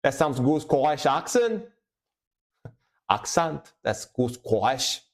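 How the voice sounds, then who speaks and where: Reacting to metal in a relaxed live chat, this male streamer talks slowly at a medium pitch with big swings in intonation. He's talkative, laughs a lot, and tends to repeat himself.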